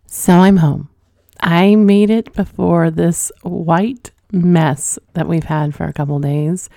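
A woman's voice: lowish voice, steady tone, slow pace, gravelly, dark tone, no room sound, studio quality. A woman hosting her own podcast from home, chatting casually and frankly, playful and laughing often. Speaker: podcast host reading listener confessions. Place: at home under blankets.

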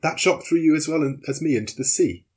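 A man with a husky voice voicing an alarmed, desperate male gentleman scholar with loud, urgent outbursts in a storybook reading. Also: a little high, fast, pitched above the performer's own voice.

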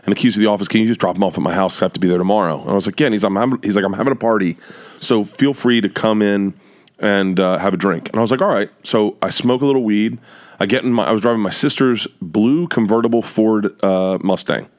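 A middle-aged man telling a loud, animated story as a guest on a comedy podcast and acting out the voices in it. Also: on the low side, quick pace.

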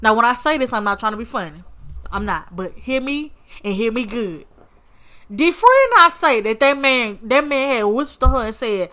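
A sassy woman talks through a story in casual commentary, calling her listener honey and baby and cursing freely. Her voice is bright and sits a little high for a woman. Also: lively intonation, normal speed. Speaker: podcast host.

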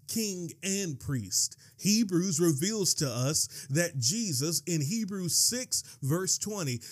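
A man preaching a sermon. His voice sits a bit high, and he drags quoted verses out slowly. He repeats key lines for emphasis. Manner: dramatic pauses and slowed quotations, building to shouting; repeats and rereads phrases for emphasis.

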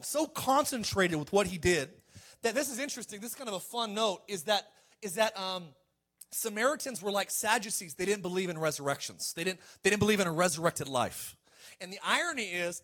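A high-sitting male voice delivers a sermon to a congregation, moving between loud calls and quiet asides and asking the listeners for amens.

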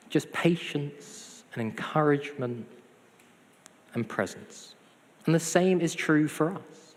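A man's voice: on the high side, takes it slowly. A man preaching a sermon, conversational with self-deprecating humor. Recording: hall reverb.

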